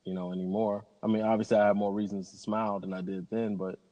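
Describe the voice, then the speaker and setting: A man tells rambling stories in a relaxed interview, upbeat and positive throughout. His voice sits on the lower side, and a long hall reverb trails after his words. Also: quick pace. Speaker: pilot and interview guest. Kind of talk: casual interview conversation.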